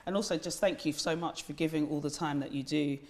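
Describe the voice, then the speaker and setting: A woman's voice: low-pitched, fairly even intonation, fast, a little hiss or hum. A woman, hosting a podcast and founder of the charity, talking candidly and from the heart, with casual swearing. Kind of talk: podcast conversation.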